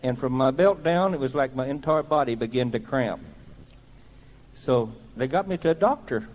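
A man's voice: mid-range voice, expressive, moderate pace, darkish tone, poor audio. A man giving a personal testimony to a gathering, telling it in a plain-spoken, folksy way with earnest conviction.

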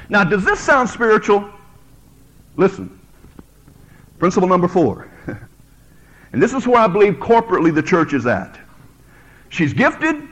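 Male preacher, middle-aged, from the US: high-pitched, swooping delivery, jokes with his congregation through a lively sermon. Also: rough recording. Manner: animated, storytelling, joking with the congregation.

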